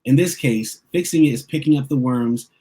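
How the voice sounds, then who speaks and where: A man voicing a patient father in a picture book, calmly teaching his son. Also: mid-range voice, moderate pace, lightly acted. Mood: gentle. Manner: calm, gentle, instructive.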